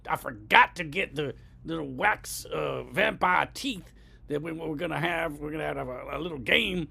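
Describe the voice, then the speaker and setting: A man's voice: on the high side, normal speed, vocal fry, sharp tone, breathy edge. A man ranting with mock indignation on a comedy podcast, rambling and getting worked up. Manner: indignant, rambling, escalating complaints. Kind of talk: improvised comedy rant.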